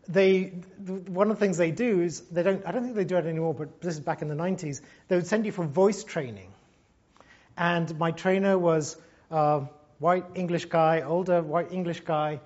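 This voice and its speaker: A man's voice: sits high, darkish tone, highs cut off. A man in his fifties from Gibraltar giving a reflective, conversational university lecture. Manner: conversational and reflective, thinks aloud. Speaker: lecturer, former broadcast journalist.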